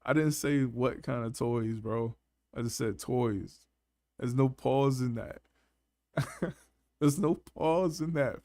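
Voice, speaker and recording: A man's voice: mid-range voice, no echo, clean studio sound. A man hosting a casual live panel chat, laughing often and talking in loose, slangy banter. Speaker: panel host.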